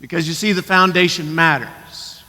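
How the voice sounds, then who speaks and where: A man from Colorado preaching a sermon as pastor, earnest and questioning, moving between quick stretches and slow emphatic phrases. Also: on the high side, sharp tone. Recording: church hall with long reverb.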